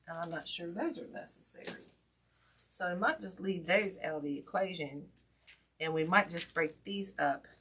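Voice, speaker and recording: A woman hosting a casual wreath-making livestream, folksy and chatty with lots of ums, greeting viewers by name while her hurt hand aches. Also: lowish voice.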